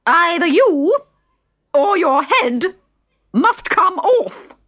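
Shrill furious Queen. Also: big pitch swings, fairly bright tone, full character voice. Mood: imperious. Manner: shrieking, drawn-out commands. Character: shrill imperious adult female queen, furious.

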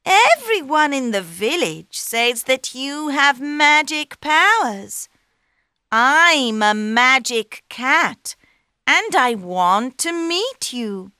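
A woman voicing a clever male talking cat in a storybook, high-pitched and excitable. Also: very slow, smooth, no echo, clean studio sound, exaggerated voice. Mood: eager. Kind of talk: storybook reading.

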